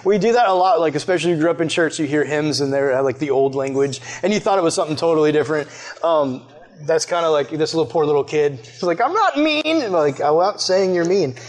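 High-voiced chatty young man preaching. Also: fast talker, darkish tone. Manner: chatty, loaded with "like" fillers, conversational. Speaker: youth pastor. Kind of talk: casual sermon with audience questions.

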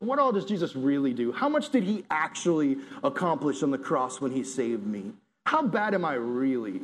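A man preaching a sermon to a congregation, earnest and building to intense emphasis. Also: mid-range voice.

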